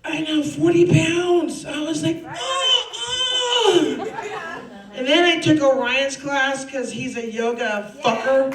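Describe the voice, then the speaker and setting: A woman in her forties doing stand-up comedy, brash and profane, ranting with loud outbursts. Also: sits high, fairly even intonation, measured pace, few pauses, a crowd in the background. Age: 40s. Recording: roomy club, distant mic, audience.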